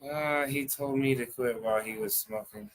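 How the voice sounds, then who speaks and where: A man from the United States hosting a casual livestream chat, excitable and rambling, swearing freely and using lots of fillers. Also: medium pitch, moderate pace, gravelly. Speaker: host.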